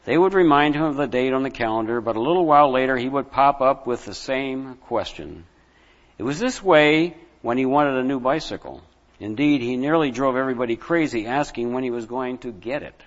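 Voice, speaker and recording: Man reading a story aloud to children. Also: mid-range voice. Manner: slow, deliberate, asks listeners questions. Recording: dull lo-fi with long reverb.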